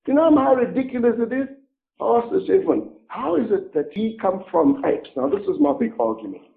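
A man's voice: extremely high pitch, big pitch swings, fairly quick, creaky. A middle-aged man preaching a sermon in a sarcastic, mocking, theatrical way. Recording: narrow tinny phone-like sound.

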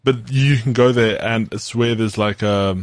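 A man's voice: mid-range voice, steady tone, measured pace, no room sound. A man co-hosting a podcast, chatting casually and telling long, detailed stories. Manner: rambling, detailed travel storytelling. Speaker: podcast co-host. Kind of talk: casual chat.

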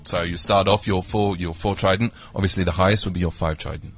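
A man's voice: sits low, fairly even intonation, fast talker, a bit bright, faint music behind. A British man, a guest on a chat show, talking in an easygoing way with frequent hesitations. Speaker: guest, resort company representative. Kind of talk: casual chat.

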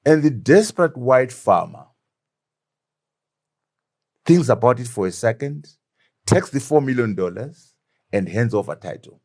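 A man's voice: mid-range voice, lively intonation, measured pace, pauses often, darkish tone. A middle-aged man from Zimbabwe, a former deputy prime minister, speaking as an interview guest, emphatic and fond of rhetorical questions. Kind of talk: animated political interview.

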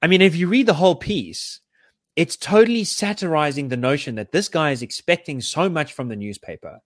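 On a podcast, a man rambles through casual explanations, full of fillers and restarts. His voice is on the high side with lively intonation and a slightly fast pace, captured in a dry, studio-quality recording.

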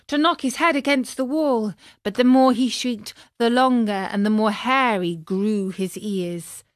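Female storybook narrator: slow, expressive, talks to the children, dry close mic. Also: mid-range voice, no echo. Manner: expressive, addresses young readers. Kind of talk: storybook reading.

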